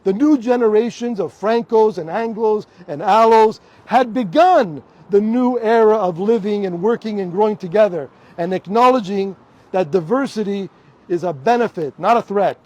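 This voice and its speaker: A man's voice: sits high, moderate pace, a little mellow, lo-fi sound. A middle-aged man from Toronto with a Canadian English accent, giving an impassioned speech outdoors in front of a hospital and repeating rallying slogans. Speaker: rally speaker. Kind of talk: public protest speech.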